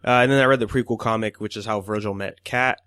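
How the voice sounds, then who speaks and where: Low-voiced man swearing through casual chat. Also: fairly even intonation, quick pace, a bit bright, smooth, dry recording. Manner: loose, swearing, laughs often, quotes people in put-on voices. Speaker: podcast co-host.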